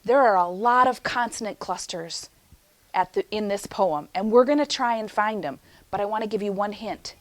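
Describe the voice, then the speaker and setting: A young adult woman teaching a phonics lesson to young children in an animated, sing-song teacher voice. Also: mid-range voice. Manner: animated, sing-song teacher voice, slows for chanted poem lines.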